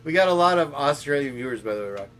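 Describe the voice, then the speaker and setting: A man's voice: on the high side, expressive, quick pace, a bit bright, slight background noise. A man hosting a casual podcast, rambling through stories and jokes and laughing often. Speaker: host.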